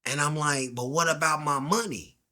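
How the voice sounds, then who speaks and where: Guy telling his story, slangy, acts out the back-and-forth, kinda high bright voice, goes quiet and hushed when it gets heavy. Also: normal speed. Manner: slangy, animated, acts out quoted dialogue. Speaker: guest. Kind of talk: candid storytelling interview.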